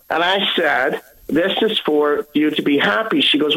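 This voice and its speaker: A man speaks as a guest on a radio broadcast, telling a personal story in an earnest way. He acts out the lines of the people in it, and his voice sits a little high for a man. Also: a little fast, hardly any pauses, sharp tone, poor audio. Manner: earnest storytelling, acting out dialogue. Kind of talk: personal testimony.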